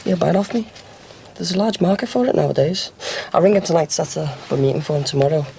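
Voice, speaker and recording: A man's voice: a little high, fast talker, vocal fry, warm tone, slight background noise. An actor playing a cocky, boastful young ex-con in a TV soap, telling his story. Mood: scheming. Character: cocky young ex-con man, brash braggart. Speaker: small-time criminal. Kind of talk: TV soap drama acting.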